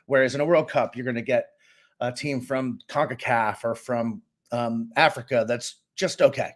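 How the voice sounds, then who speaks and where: A middle-aged man from Boston, co-hosting a casual sports podcast and giving opinionated, animated takes. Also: mid-range voice, normal speed. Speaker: co-host and sports analyst.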